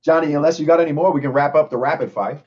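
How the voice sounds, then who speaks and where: A man hosting a casual interview, relaxed and easygoing, with quick agreeing replies. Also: a little high, slightly rough. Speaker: host. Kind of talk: casual chat. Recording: muffled lo-fi audio.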